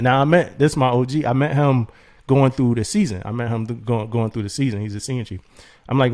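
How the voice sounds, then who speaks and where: Slangy, animated man telling a story. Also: medium pitch, brisk. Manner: animated, slangy, laughs often and repeats himself. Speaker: podcast co-host. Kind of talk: casual storytelling chat.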